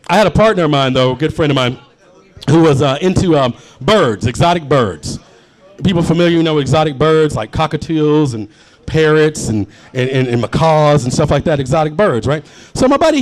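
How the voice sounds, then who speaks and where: A man in his forties hosting a live comedy show, telling jokes and chatting with the crowd. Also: fairly high pitch. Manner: animated, chatty, working the crowd. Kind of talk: live stand-up storytelling. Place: bar venue, live show.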